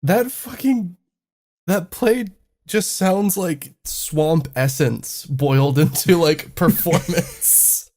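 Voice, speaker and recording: A woman's voice: on the low side, slow pace, mellow. A woman in casual chat, reacting to a story with incredulous laughter.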